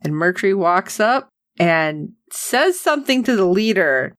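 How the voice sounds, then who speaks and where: A woman co-hosting a casual chat, recapping an episode and acting out the characters' lines with lively reactions. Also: medium pitch, unhurried, no echo, clean studio sound. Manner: animated, acts out characters' lines. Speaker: podcast co-host recapping a TV episode.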